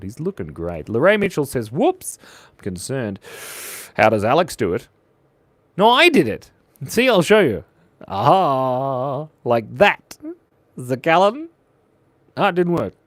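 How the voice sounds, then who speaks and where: A livestream artist hosting a drawing stream reads chat messages aloud and swaps silly jokes with viewers in a playful, jokey way. His voice is fairly high-pitched, and the recording is dry.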